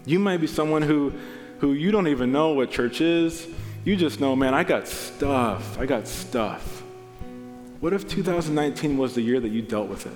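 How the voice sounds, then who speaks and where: A man's voice: fairly high pitch, expressive, fairly quick. A young adult man preaching a sermon as a pastor, earnest and storytelling, acting out what people said. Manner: earnest, storytelling with acted-out quotes. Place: church auditorium. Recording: long reverb of a large hall, soft guitar behind. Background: soft guitar music.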